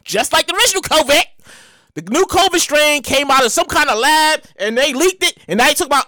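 A woman's voice: sits high, expressive, normal speed, bright, forceful tone, no room sound. A woman vlogger ranting in a casual, profane way, stammering and repeating phrases as she reacts.

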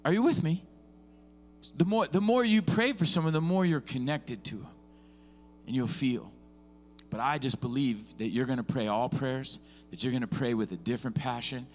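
A man's voice: medium pitch, moderate pace. A man preaching as a visiting pastor, often rising into emphatic bursts and checking in with the congregation. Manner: lively preaching with rising, emphatic bursts and frequent "are you with me?". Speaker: guest pastor. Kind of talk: sermon. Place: church.

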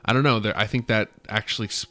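Low-voiced, soft-spoken man rambling. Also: fairly even intonation, fast. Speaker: podcast co-host. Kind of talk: casual movie discussion.

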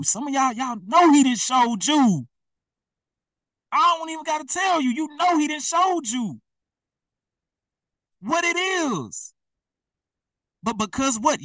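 Preacher, male, direct and repetitive, bright tone, sits back from the mic. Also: very high voice, dry recording, distant mic. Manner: colloquial, repetitive, direct address. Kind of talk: informal preaching to camera.

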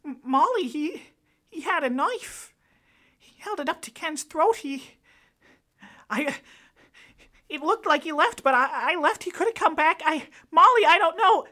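A woman's voice: high voice, expressive, sharp tone, voice pushed up, full character voice. A woman voicing a frightened young woman who stammers and breaks off. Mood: nervous. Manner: stammering, halting.

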